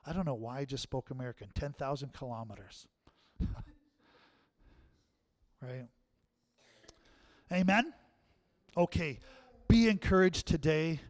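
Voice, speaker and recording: In a church sermon, a man with a mid-range, darkish voice speaks at a moderate pace, leaving long pauses. He chats with the congregation, asking "right?" again and again, before leading them in a closing prayer.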